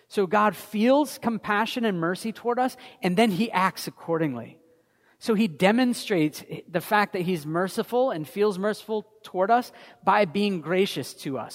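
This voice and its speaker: A man in his thirties giving a conversational sermon as a pastor, telling stories from family life in an animated way. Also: on the high side. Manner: conversational, anecdotal, animated storytelling. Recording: long hall reverb.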